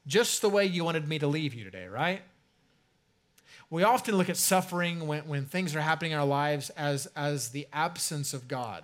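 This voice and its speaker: This man's voice sits a little high as he preaches to his congregation in an easy, conversational manner. Important phrases get a deliberate, slowed-down emphasis, and his sentences trail off quietly.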